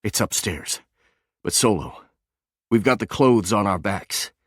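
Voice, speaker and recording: Narrator doing a scared guy on the run, low and tense, deep voice, dry. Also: animated, unhurried, no room sound. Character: frightened young man on the run.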